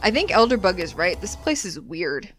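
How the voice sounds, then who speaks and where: A woman talks through her video game in casual, animated commentary, joking and exasperated. Her voice sits on the low side for a woman, and faint game music plays underneath. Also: normal speed. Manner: chatty and animated, with exasperated jokes. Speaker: let's play host.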